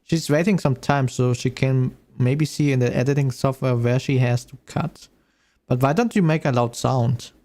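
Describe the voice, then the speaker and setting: A man's voice: medium pitch, normal speed, warm tone. Chatty streamer man reacting to a video. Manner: chatty, thinks aloud, laughs often. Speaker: VTuber streamer. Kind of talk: casual reaction commentary.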